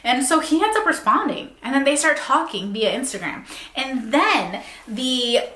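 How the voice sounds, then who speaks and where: A chatty, animated young woman casually reviewing books, full of fillers. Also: sits high, unhurried, reverberant. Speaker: book reviewer. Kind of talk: casual book review chat.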